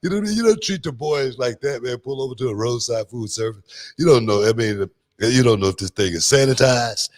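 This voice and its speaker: A man's voice: mid-range voice, fairly even intonation, normal speed. Laid-back drawling man. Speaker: podcast host. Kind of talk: casual chat.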